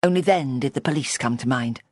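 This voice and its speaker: A woman narrating a mystery audiobook in a measured, even storytelling manner. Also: very deep voice, no room sound, studio quality. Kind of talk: scripted narration.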